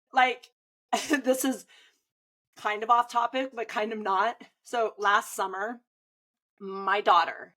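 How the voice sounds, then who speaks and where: The poor audio captures a woman's slightly high voice. She's a swim coach in her thirties, chatting casually with animated retellings and plenty of "like" fillers.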